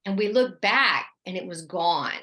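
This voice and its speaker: A middle-aged woman and actress, chatting casually as an interview guest about her experiences, animated and quick to act out what people said. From New Orleans. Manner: chatty and animated, acts out quoted lines with a higher voice.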